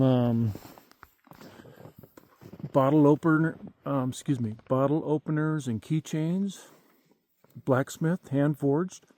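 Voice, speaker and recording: A man's voice: medium pitch, dark tone, dry recording. A man in his fifties rambling folksily with lots of fillers, vlogging outdoors at night in the countryside. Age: 50s.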